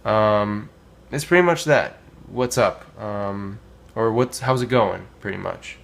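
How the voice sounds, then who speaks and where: A man teaching a casual language lesson, modelling phrases slowly with many pauses and filler words. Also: on the low side, creaky, a bit bright. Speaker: Spanish teacher.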